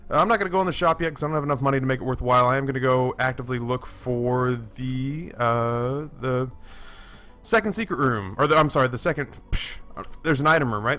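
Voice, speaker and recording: Bright-voiced chatty man rambling over gameplay. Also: medium pitch. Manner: chatty, self-deprecating, lots of fillers and restarts. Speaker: gaming YouTuber. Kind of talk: rambling let's-play commentary.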